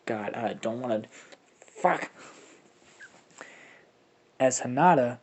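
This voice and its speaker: A man's voice: a little high, breathy edge. A young man telling a fan-fiction story in a casual, rambling way, swearing often and laughing at his own jokes. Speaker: fan-fiction narrator and channel host.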